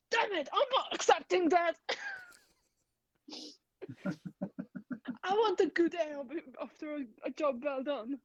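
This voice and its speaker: A woman's voice: high-pitched, animated, slow pace, long pauses, no room sound, lo-fi sound. A woman playing a brash, fight-hungry ex-pit-fighter. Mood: boisterous. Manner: eager, brash, boisterous. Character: gruff male former pit-fighter prisoner, fight-hungry.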